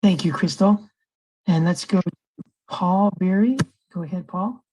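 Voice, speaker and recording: A man serving as mayor, chairing a city council meeting in a relaxed, conversational way. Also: high-pitched, a little slow, slightly rough, rough recording. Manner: relaxed, conversational, moves things along.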